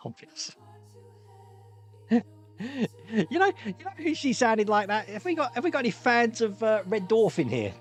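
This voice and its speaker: A man hosting a live-streamed pub quiz, jokey and quick to laugh as he reads out multiple-choice options. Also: sits high, very animated, faint music behind. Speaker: quiz host.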